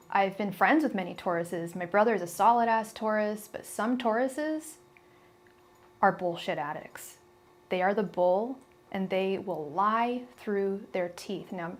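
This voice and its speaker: A young woman who reads tarot chats on a live stream in a casual, blunt manner. Her voice is medium in pitch and unhurried, and her talk is full of stumbles, restarts, and fillers.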